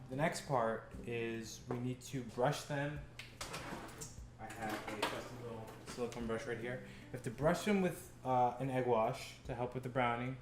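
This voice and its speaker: A young man hosting a casual home cooking vlog, talking loosely with stumbling restarts and bursts of swearing. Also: medium pitch. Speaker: cooking show host. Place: home kitchen. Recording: roomy kitchen echo, faint background music.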